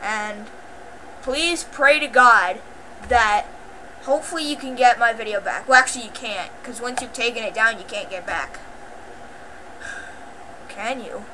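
A woman talking casually to camera in a rambling, halting apology, full of filler words and repeated pleas. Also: fairly high pitch, noisy background. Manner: pleading, repetitive apologizing. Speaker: channel owner.

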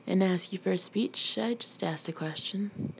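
A woman voicing a gruff, domineering middle-aged Marine officer father who barks questions at his children. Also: medium pitch, moderate pace, highs cut off, a little hiss or hum, close to an everyday voice. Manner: blustering, barking questions.

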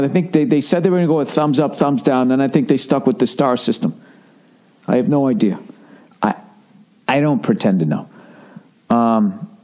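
A man in his forties talks alone into a podcast mic, swearing freely and poking fun at himself as he rambles from story to story. His voice sits at an ordinary middle pitch, loose and conversational. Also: warm tone. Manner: profane, conversational, self-deprecating storytelling. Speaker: podcast host. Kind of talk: rambling comedic monologue.

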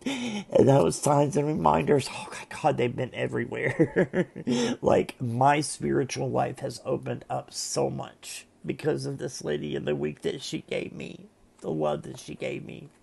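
A man who reads tarot, talking to camera at home in a heartfelt, halting way with many restarts and pauses. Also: medium pitch, lively intonation, creaky, a little mellow, husky. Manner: halting and emotional, with frequent restarts. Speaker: tarot reader and vlogger. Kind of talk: casual heartfelt monologue to camera. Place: at home, seated in a chair.

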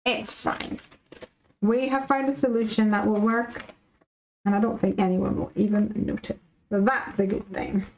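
A woman's voice: mid-range voice, steady tone, moderate pace, a little mellow, slight background noise, low-quality recording. A woman from the UK hosting a live craft stream, chatting casually and animatedly with viewers and reading out their comments.

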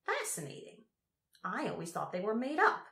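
A man's voice: high-pitched, huge pitch swings, normal speed, creaky, pushed and bright, pitched above the performer's own voice, heavily acted. Lady doing an eager old scholar guy in an audiobook, rambly, lectures a lot, sounds a bit echoey. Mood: fascinated. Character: cheerful absent-minded old male scholar. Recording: roomy echo.

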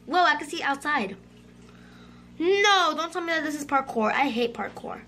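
A woman giving excitable gameplay commentary for her channel, with dramatic outbursts and moments of frustration. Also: high voice, fairly quick. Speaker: gaming YouTuber.

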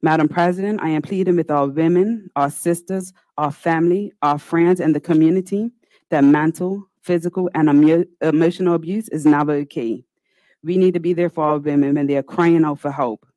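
Woman, senator, formal chamber speech, earnest and pleading, mellow tone, dry sound. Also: sits low, no echo, low-quality recording. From Bermuda. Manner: earnest, pleading, with slow deliberate pauses.

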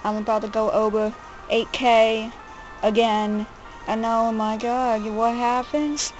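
A woman's voice: fairly high pitch, level tone, slow, dull audio. A woman groaning, whining and being sarcastic while streaming a handheld game at home. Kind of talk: live game stream commentary. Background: faint game music.

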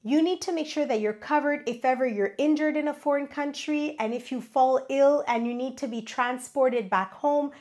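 High-voiced woman giving travel tips. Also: normal speed, hardly any pauses, a little mellow. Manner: friendly, advising, list-style delivery. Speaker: travel vlogger. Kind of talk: scripted travel tips to camera.

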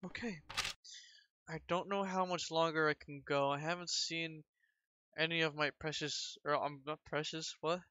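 A man commenting on a horror game as he plays, easily frightened, repeating himself over and over and yelling and swearing in alarm. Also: on the high side, fairly even intonation, normal speed, no room sound. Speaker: gaming channel host. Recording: dull lo-fi with game music. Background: game soundtrack music.

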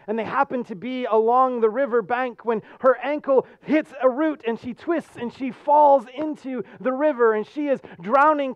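A man's voice: very high voice, no room sound. American male pastor preaching, earnest storyteller, dry sound, a bit dull. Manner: earnest storytelling, with animated jokes. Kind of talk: sermon.

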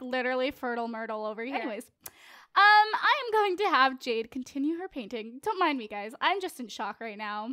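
A woman's voice: high-pitched, big pitch swings, fairly quick, bright, forceful tone, no room sound, studio quality. A teenage girl giving casual, playful commentary as she plays a life-simulation game, chatting and joking with her viewers. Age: late teens. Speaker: let's play host.

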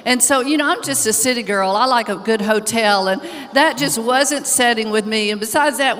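A woman co-hosting a sermon, telling a personal story in an earnest, animated conversational way. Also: fairly high pitch, moderate pace. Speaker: co-host preacher. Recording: long hall reverb from a large church.

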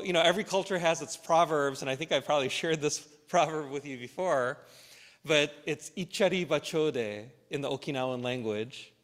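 A man leading a church service as pastor, welcoming the congregation, reading scripture in a slow, measured way, and praying. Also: fairly high pitch, a bit bright. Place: church sanctuary. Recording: long hall reverb.

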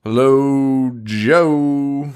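A man's voice: mid-range voice, extremely slow, a little mellow, slight background noise. A young man co-hosting a podcast, chatting casually, swearing and laughing often. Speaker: podcast co-host.

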